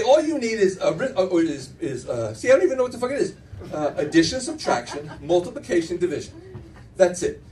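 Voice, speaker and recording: A man's voice: high-pitched, a little mellow, far from the mic. A middle-aged man doing a stand-up routine, telling brash, profane stories with self-mocking asides. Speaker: stand-up comedian. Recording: faint room noise, mic from afar.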